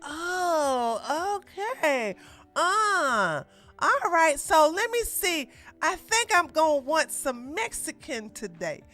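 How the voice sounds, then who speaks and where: A woman's voice: sits high, big pitch swings, slow, pushed and bright, faint music behind, exaggerated voice. A woman putting on a flamboyant, sassy man just out of jail, campy and drawling. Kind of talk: mocking podcast impression.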